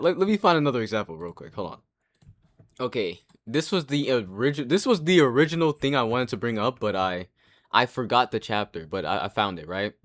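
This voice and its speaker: A young man giving casual commentary, rambling and excitable, with frequent restarts and casual swearing. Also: medium pitch. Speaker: anime commentary creator.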